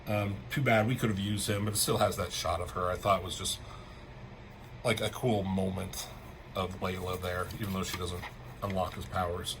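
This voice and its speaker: A man's voice: sits low, fairly even intonation, normal speed, a little hiss or hum, rough recording. A young man casually reviewing a comic book, chatty, swearing freely and jumping his voice up to act out character lines. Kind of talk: casual chat.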